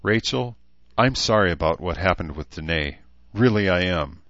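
A man's voice: low-pitched, animated, moderate pace, fairly bright tone, dry recording, dull audio. Man reading awkward young soldier, earnest, anxious, dry recording.

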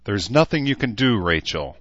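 A man voicing a quiet young man who speaks steadily and tonelessly. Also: fairly low pitch, big pitch swings, normal speed, no room sound, dull audio. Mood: calm.

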